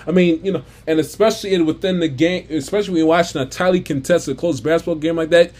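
A man's voice: fairly high pitch, fast talker, darkish tone. A man ranting off the cuff about a basketball game, exasperated and stumbling over restarts and repeats. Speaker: sports commentator. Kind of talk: unscripted basketball rant.

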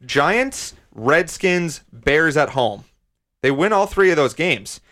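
A man's voice: on the high side, very animated, takes it slowly, bright, forceful tone. A man hosting a sports talk show, arguing his playoff picks and laying out the standings step by step. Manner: argumentative, lays out standings step by step. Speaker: sports podcast host. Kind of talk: casual sports debate.

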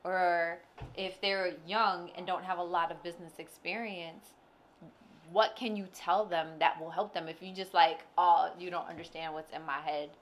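A woman's voice: fairly low pitch, steady tone, normal speed. A woman co-hosting a casual chat, asking probing questions and pushing back when things don't add up. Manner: probing, challenging, pushes back. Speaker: co-host, interviewer.

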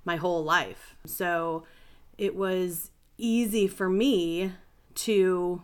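A woman's voice: on the low side, fairly even intonation, very slow, smooth. A middle-aged woman, a health and life coach, telling her story in a chatty, rambling, self-deprecating way as a podcast guest. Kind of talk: casual interview storytelling.

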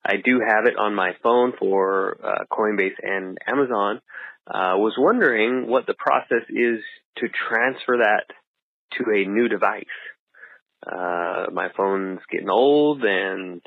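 A man's voice: lowish voice, unhurried, creaky, dry recording. Hesitant male caller on a tinny phone line. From California. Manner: hesitant, with many uh fillers. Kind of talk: voicemail question.

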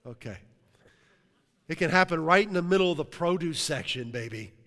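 Man, middle-aged, pastor, sermon, animated joking storyteller, a bit high-pitched, long church reverb. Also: normal speed. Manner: animated storytelling, jokes and laughs with the congregation. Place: church sanctuary.

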